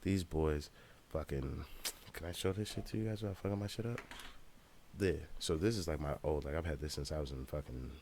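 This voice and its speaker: Rapper-vlogger type: very low-pitched man, swearing freely through a loose travel story. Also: brisk, a little mellow, a little hiss or hum. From United States. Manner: profane, loose and ranting. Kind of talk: casual travel vlog storytelling.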